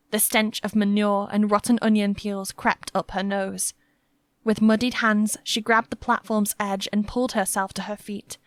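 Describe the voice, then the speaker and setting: A woman narrating a fantasy audiobook in a steady, tense storytelling manner. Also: medium pitch, no room sound, clean studio sound. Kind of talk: scripted narration.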